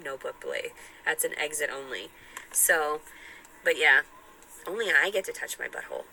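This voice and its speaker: A woman's voice: low-pitched, expressive, moderate pace, gravelly, sharp tone, a little hiss or hum, poor audio. A woman in a clip from a vlog, talking in a rambling, self-important way. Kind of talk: casual vlog monologue.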